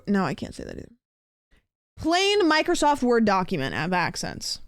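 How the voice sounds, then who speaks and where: A young woman with a Pacific Northwest American accent, hosting a livestream and chatting casually with viewers. She rambles, says "like" constantly, and calls herself monotone. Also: mid-range voice, moderate pace, smooth, no room sound, clean studio sound. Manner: chatty and rambling, heavy use of "like", self-described monotone. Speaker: livestream host.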